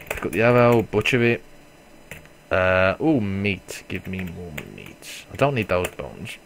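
Low and creaky with big pitch swings, this man talks unhurriedly through a let's play, cursing and joking at his own expense. Loud reactions give way to muttering. A little hiss or hum sits under the audio.

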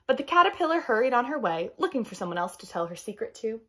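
A woman hosting a daily read-aloud, reading a picture book to children with enthusiasm and pausing to ask questions. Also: on the high side. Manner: enthusiastic, expressive, teacher-like questions.

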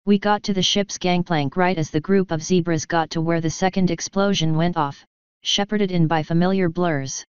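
A woman's voice: fairly low pitch, fairly even intonation, normal speed, clear, resonant tone, dry recording. A woman steadily reading a first-person fan story aloud. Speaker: fanfiction reader. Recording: slightly muffled recording.

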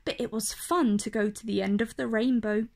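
A woman voicing a kind male bear who leads his friends, speaking gently in a children's story. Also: on the high side, steady tone, moderate pace, vocal fry.

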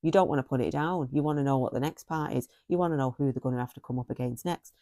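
Warm-voiced woman gushing about a book. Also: very deep voice, fast talker, no room sound, studio quality. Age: middle-aged. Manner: effusive, repeats phrases for emphasis. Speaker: book reviewer. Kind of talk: casual book review.

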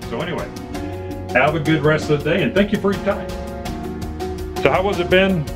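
A man's voice: a little high, fairly quick, over music. A man walking through a conference audio setup in a casual, chatty way, with fillers and restarts, heard through a ceiling array microphone. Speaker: product demo presenter. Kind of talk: casual product walkthrough. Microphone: ceiling beamforming array mic.

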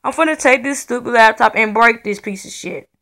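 A woman's voice: fairly high pitch, brisk, sharp tone, a little hiss or hum. A furious young woman, ranting into a camera in her home studio in a profane, repetitive vlog rant. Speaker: vlogger. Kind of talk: angry venting vlog. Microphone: camera in front of her.

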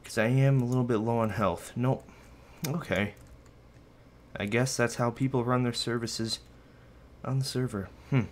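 A man's voice: medium pitch, steady tone, moderate pace, pauses often, a little hiss or hum. A young man hosting a casual game video from his bedroom, rambling and joking at his own expense while he plays. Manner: rambling, self-mocking, talks to viewers and his dog. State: a bit out of breath. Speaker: gaming video host. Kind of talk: casual let's-play commentary. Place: bedroom at home.

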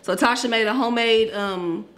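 A woman co-hosting a casual eating vlog, chatting to viewers in a lively, friendly way. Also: a little high, normal speed. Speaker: vlog co-host. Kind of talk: casual mukbang chat.

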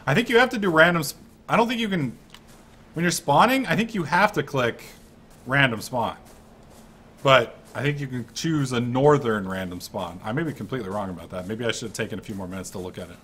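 A man giving casual commentary over his own gameplay, excitable and swearing freely. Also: mid-range voice, fairly quick, breathy edge. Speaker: let's-play gamer.

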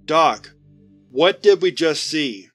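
Casting: man reading a tough squad leader, clipped orders, fairly high voice, faint music behind. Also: animated, takes it slowly, fairly bright tone, exaggerated voice. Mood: commanding. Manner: commanding, terse, profane. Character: gruff squad leader barking orders, male.

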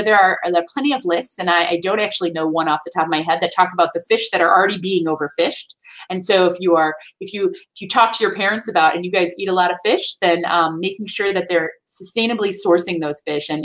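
A woman's voice: lowish voice, a bit bright. A woman with a Midwestern accent, a sustainability expert answering schoolchildren's questions over a video call in a friendly, explanatory way, often checking in with "right?". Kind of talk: answering kids' questions in a virtual classroom.

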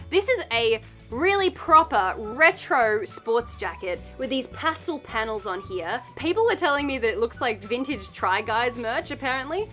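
A woman's voice: on the high side, expressive, normal speed, pushed and bright, soft background music. A young woman with an Australian accent chatting through a clothing haul in a bubbly, gushing, playful way. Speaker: fashion vlogger. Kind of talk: casual thrift haul chat.

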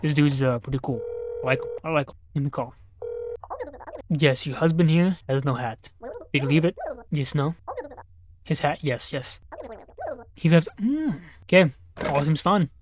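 A man's voice: fairly high pitch, moderate pace, pauses often, background noise. A young man giving casual gameplay commentary, joking and talking back to on-screen characters while muttering notes and numbers to himself. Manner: reads numbers and notes aloud under his breath. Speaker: gaming YouTuber.

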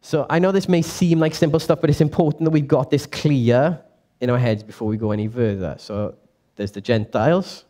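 Young male church teacher, mid-pitched, casual and chatty, quizzes the room. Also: a little fast. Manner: lively, chatty, quizzes the audience, self-correcting.

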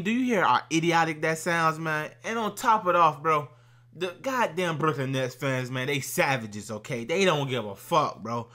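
A man's voice: on the high side, sharp tone. Brash slangy young man ranting. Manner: brash slangy trash talk, keeps saying bro and man. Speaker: YouTube reaction host. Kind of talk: casual reaction vlog rant.

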